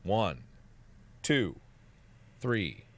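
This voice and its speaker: A man in his twenties commentating as he plays a game, swearing in frustration and repeating phrases over and over, swinging from muttering under his breath to loud yelling. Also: lowish voice, big pitch swings, drawn-out words, a little hiss or hum. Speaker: gaming video host. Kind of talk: let's play commentary.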